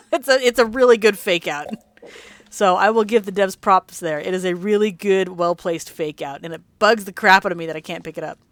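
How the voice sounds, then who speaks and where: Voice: mid-range voice, normal speed, fairly bright tone, dry recording. A let's play host rambling in casual gameplay commentary, chatty and laughing often, sleepy and yawning late at night.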